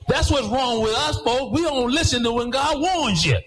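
A pastor preaching a sermon in church, rhythmic, swinging between half-sung phrases and shouted lines. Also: male voice, very high-pitched, lively intonation, moderate pace, poor audio.

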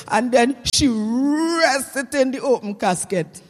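A woman tells comic stories in a lively creole style, slipping into the characters as she goes. Her voice sits a little high and carries a long hall reverb. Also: unhurried. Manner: lively creole storytelling, acts out scenes. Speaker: storyteller. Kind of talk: comic storytelling.

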